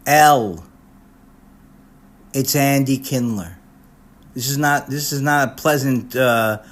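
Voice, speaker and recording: An older man delivers a rambling comic roast, speaking at an ordinary middle pitch. He keeps cutting himself off mid-sentence and restarting. Sarcastic self-deprecating asides run through his delivery. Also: lively intonation, slow, long pauses. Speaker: comedian recording a personalized video message.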